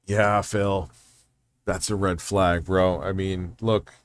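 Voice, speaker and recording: A man streaming reaction commentary, mocking and swearing, often rising into loud high-pitched rants. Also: level tone, slow.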